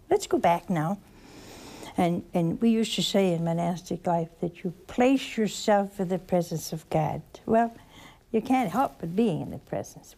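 Woman, religious teacher; slow, musing delivery with dry humor. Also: medium pitch, warm tone. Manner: slow and reflective with wry asides. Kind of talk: scripture teaching talk.

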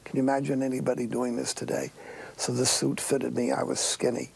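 Gravelly older priest telling stories. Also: male voice, medium pitch, completely flat delivery, a little fast, a little mellow. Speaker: monastic priest. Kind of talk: storytelling talk.

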